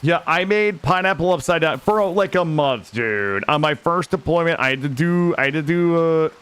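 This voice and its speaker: A man streaming a game live, talking casually to his chat in an excitable, slangy way and swearing freely. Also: on the high side, normal speed, clean tone.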